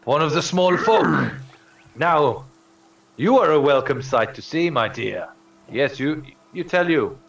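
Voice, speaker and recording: A man voicing a tall, rough human leader of a swamp camp who talks bluntly and haltingly. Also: on the high side, expressive, distant mic, lo-fi sound, a little hiss or hum, voice pushed up, heavily acted. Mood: welcoming.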